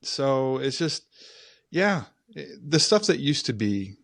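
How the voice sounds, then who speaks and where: A middle-aged man co-hosting a casual podcast, thinking out loud with many restarts. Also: medium pitch, big pitch swings, slow, creaky, no room sound, clean studio sound. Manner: thoughtful, rambling with restarts. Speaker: podcast co-host. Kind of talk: casual chat.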